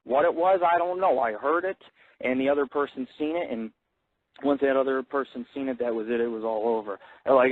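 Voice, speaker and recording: A man's voice: medium pitch, a little fast, a little hiss or hum. A man hosting his own internet radio show, telling loose, profane stories full of fillers. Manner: loose, crude storytelling with many fillers. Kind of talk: rambling profane monologue. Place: Las Vegas. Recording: tinny phone-like lo-fi audio.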